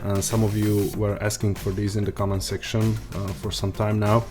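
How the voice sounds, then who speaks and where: A man with an Eastern European accent giving a screen-recorded software tutorial, pausing often with uh and um. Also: fairly low pitch, level tone, faint music behind. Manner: hesitant, frequent uh and um fillers.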